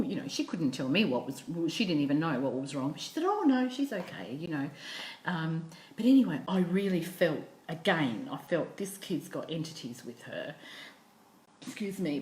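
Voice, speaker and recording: Casting note: middle-aged Australian woman, lower voice, storytelling monologue in an echoey room. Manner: animated storyteller who acts out quoted speech with repeated restarts. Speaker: psychic medium.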